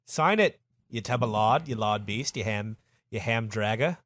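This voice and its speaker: A man's voice: on the low side, lively intonation, normal speed, a bit bright, no room sound, clean studio sound. A man voicing a bossy, insulting British ambassador in a comedy podcast. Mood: bullying. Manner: brash, name-calling.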